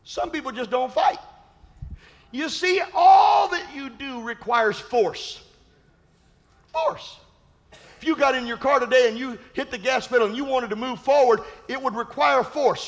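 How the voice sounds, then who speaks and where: A male pastor preaching a sermon, emphatic and repetitive, with playful asides and sudden shouted peaks. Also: very high-pitched.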